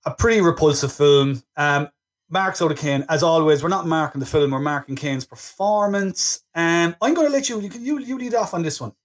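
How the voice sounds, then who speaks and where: A man's voice: fairly high pitch, moderate pace. A man hosting a casual film review chat, good-humoured and rambling. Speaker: podcast host.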